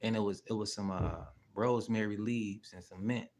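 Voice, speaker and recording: Low-voiced man telling a story. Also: moderate pace, darkish tone. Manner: loose and slangy, heavy swearing; rambling, with many fillers and asides. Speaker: channel host. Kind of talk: casual spoken storytelling.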